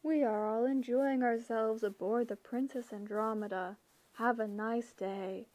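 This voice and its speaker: A woman voicing an entranced male ship crew member who speaks in a flat, mechanical way. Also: on the high side, a little slow, no echo, close to an everyday voice, low-quality recording. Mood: dazed. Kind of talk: audiobook character voice.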